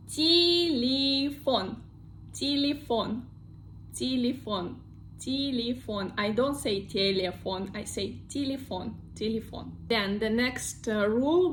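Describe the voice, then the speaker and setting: A woman with a Russian accent teaches in a slightly high voice, explaining at an unhurried pace. She stretches out each example word so learners can catch it. A faint hiss sits under the recording. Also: a bit bright. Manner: slow, careful explanations with drawn-out model words. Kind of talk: online language lesson.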